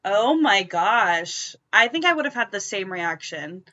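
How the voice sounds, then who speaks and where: A woman's voice: medium pitch, very animated, unhurried, bright, forceful tone. A woman co-hosting a podcast, listening and reacting with short, supportive replies in casual chat. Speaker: podcast co-host. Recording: slightly dull sound.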